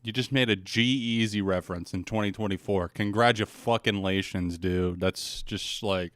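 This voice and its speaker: A man's voice: lowish voice, fairly even intonation, unhurried. A man streaming live music reactions, tipsy from drinking, sarcastic and profane with theatrical outrage.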